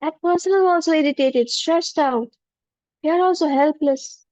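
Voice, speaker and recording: A woman, a spiritual teacher leading a guided forgiveness meditation in a gentle, humble voice with repeated affirmations. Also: high-pitched, moderate pace, dry recording. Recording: dull lo-fi dry recording.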